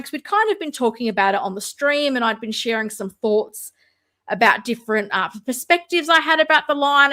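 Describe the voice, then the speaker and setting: A woman's voice: sits high, pushed and bright. An Australian woman hosting a casual livestream, chatting and answering viewer comments. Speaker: livestream host.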